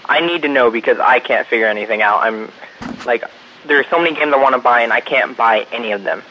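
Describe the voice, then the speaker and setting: A young man in his twenties calls in to a podcast with a recorded question. His voice is bright and tense, and he rambles in crude, exasperated bursts. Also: medium pitch, fast talker, a little hiss or hum, poor audio. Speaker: listener caller.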